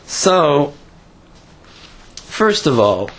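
A man giving a casual Torah lesson, telling a story in a halting way with many fillers and restarts. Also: fairly high pitch, big pitch swings, a bit bright. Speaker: Torah teacher.

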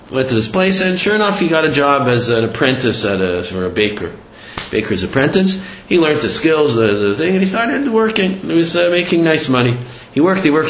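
A man teaching a religious lesson, telling a story in an animated, digressive way with many fillers. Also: a little high, a little hiss or hum. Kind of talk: sermon with storytelling. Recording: roomy, slightly dull recording.

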